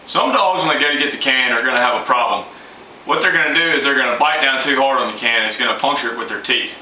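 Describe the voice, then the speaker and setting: A man's voice: medium pitch, fast, bright, forceful tone, far from the mic, a little hiss or hum. Folksy man in an echoey room. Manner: plain, folksy and informal, with many fillers. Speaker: dog trainer. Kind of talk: instructional how-to talk.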